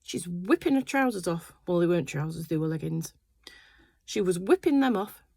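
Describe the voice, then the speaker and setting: Older lady rambling on about family, low gravelly voice, kinda husky. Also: expressive, normal speed, a little mellow, no room sound. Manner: rambling, chatty storytelling with many fillers. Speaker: quilting vlogger. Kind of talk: casual chat. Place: home sewing room.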